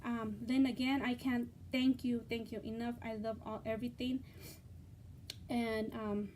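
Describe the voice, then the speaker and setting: A woman hosting a casual craft unboxing vlog, gushing and excitable, with lots of fillers and repeated words. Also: fairly high pitch, moderate pace, slight background noise. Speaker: craft channel host.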